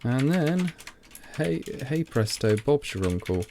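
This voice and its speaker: A man's voice: medium pitch, very animated, takes it slowly, warm tone, slight background noise. A tipsy man streaming live, thinking aloud as he codes and chatting to viewers in rambling asides. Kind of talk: thinking aloud while coding.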